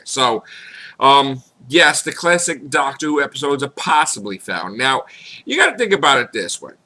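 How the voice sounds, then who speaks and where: A man vlogging casually, his voice slightly hoarse, talking emphatically and repeating himself, sometimes rising to high exclamations. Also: sharp tone. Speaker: YouTube vlogger on fan news. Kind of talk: casual vlog rant.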